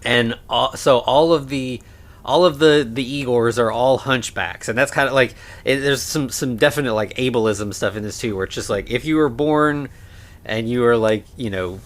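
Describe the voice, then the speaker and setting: A man in an easy podcast conversation who talks about a film at a mid pitch. He wanders through his points with lots of "like" and "you know" and keeps restarting his sentences. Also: moderate pace. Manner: rambling, many fillers and restarts. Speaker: podcast co-host. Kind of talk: casual movie discussion.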